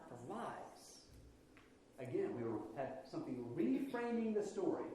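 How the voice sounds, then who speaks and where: Animated preacher in echoey church. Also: male voice, high-pitched, measured pace, slight background noise. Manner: animated, conversational preaching with playful asides to the congregation. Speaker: pastor. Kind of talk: sermon. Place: church sanctuary.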